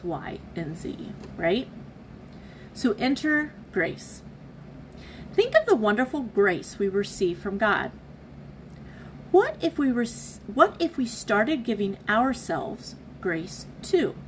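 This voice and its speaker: A woman giving a casual devotional reflection, speaking in an earnest, candid and halting way. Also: mid-range voice, very animated, slight background noise, poor audio. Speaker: devotional vlogger.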